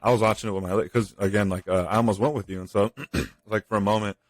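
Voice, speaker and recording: A man with a lowish voice talks quickly and loosely on a gaming podcast. He is easygoing and answers his co-host with short agreements. The sound is dry and close. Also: steady tone, no room sound. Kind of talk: casual chat.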